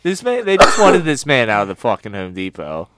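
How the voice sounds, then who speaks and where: A man co-hosting a podcast in loud, casual chat, laughing often and swearing freely. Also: mid-range voice, huge pitch swings, a little fast, heavy background noise. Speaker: podcast co-host.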